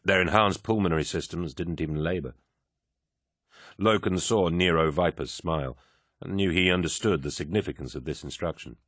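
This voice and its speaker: A man narrating an audiobook in scripted, measured storytelling. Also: sits low, a bit bright, dry recording, studio quality.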